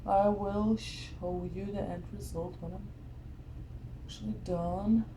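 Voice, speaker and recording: A woman's voice: medium pitch, fairly even intonation, slow pace, dark tone, echoey room, a little hiss or hum, low-quality recording. A young woman chewing gum, chatting casually and apologetically through an unscripted hair tutorial at home. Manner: chatty, apologetic, rambling with fillers. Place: home room in front of a mirror.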